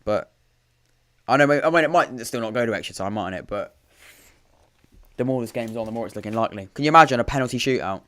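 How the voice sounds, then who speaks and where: A man's voice: medium pitch, lively intonation, fast talker, a bit bright. A man hosting a live football watchalong, chatting casually with dry, sarcastic asides and frequent restarts. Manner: rambling, self-interrupting, dry sarcastic asides. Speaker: podcast host commentating a live watchalong. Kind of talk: casual live match commentary and chat.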